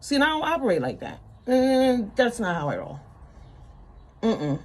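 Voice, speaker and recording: A woman's voice: fairly high pitch, sing-song, normal speed, a little mellow. A woman ranting bluntly to her viewers in an unscripted vlog, with heavy profanity, emphatic repetition. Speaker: vlogger.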